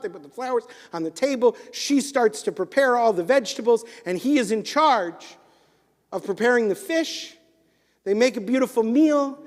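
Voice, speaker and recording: Man, clergy, storytelling sermon, high voice, measured delivery, long chapel reverb. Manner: warm, measured storytelling that softens toward a hushed close. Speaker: clergy leading a service. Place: synagogue chapel.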